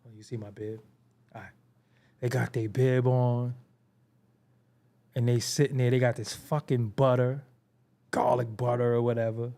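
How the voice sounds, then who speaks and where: Hosting a hip-hop commentary show, a man with a mid-range voice rants at a normal speed, pausing often. He's profane, animated, and comedic, laughing frequently and throwing in mocking imitations.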